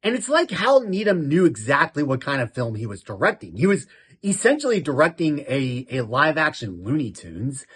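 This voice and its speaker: Giggly, husky-voiced man reviewing films. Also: fairly high pitch, moderate pace. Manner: giggly, self-mocking, animated. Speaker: host of a film review show. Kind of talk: casual film review talk.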